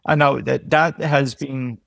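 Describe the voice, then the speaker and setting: An Australian business owner talks candidly as a podcast guest, with a gravelly edge to his voice. He swears heavily and quotes others as he vents, at a middle pitch, recorded close and dry. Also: fairly even intonation, measured pace, a bit bright, no echo. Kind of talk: casual podcast chat.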